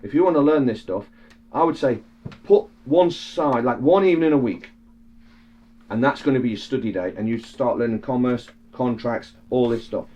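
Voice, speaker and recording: A man's voice: mid-range voice, normal speed, dark tone. A man giving an emphatic, teaching-style explanation, asking rhetorical questions as he goes. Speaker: speaker explaining legal ideas. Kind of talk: animated explanatory talk. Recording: slightly dull, lo-fi sound.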